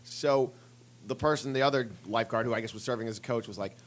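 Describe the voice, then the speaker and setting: A man's voice: medium pitch, quick pace. A man in casual banter with friends, rambling and laughing as he retells film scenes. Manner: rambling, laughing, quotes lines from films.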